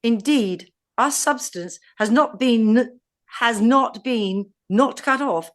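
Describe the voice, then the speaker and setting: An English woman with a slightly high voice reads scripture aloud for a podcast. Her delivery is measured and deliberate, each line given its own space. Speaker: podcast co-host.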